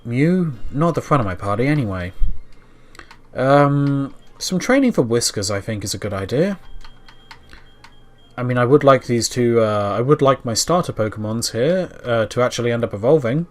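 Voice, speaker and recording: A man's voice: medium pitch, lively intonation, normal speed. A young man with a dry mouth, casually chatting through a video game playthrough, sometimes talking back to the game. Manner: chatty, self-deprecating, talks to the game. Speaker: let's-play host. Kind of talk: casual gameplay commentary.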